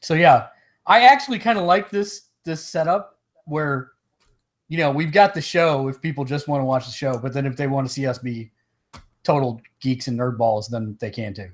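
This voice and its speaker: A man's voice: medium pitch, moderate pace. Man chatting casually on a gaming podcast. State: has the hiccups. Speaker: podcast co-host. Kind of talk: casual chat.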